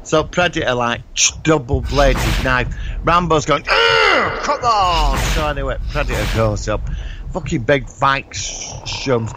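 A man's voice: medium pitch, unhurried, background noise. Man rambling through a story. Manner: rambling, animated retelling with sound effects and swearing. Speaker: podcast co-host. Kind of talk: casual chat.

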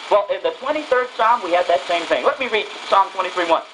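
A woman's voice: mid-range voice, lively intonation, fast talker, fairly bright tone, slight background noise, low-quality recording. A woman preacher giving a radio sermon, reading scripture and driving her points home through emphatic, repeated phrases. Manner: reads scripture aloud and stresses single words.

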